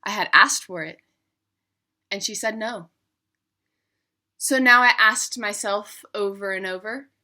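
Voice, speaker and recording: A young adult woman narrating her own digital story in a reflective, measured way. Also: medium pitch, sharp tone.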